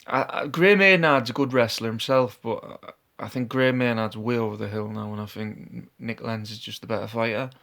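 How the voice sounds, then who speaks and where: A man's voice: mid-range voice, normal speed, vocal fry, hardly any pauses, a bit bright. A man vlogging his fight predictions in a casual, unscripted way, laid-back and hesitant, often trailing off and restarting. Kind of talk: casual talk to camera.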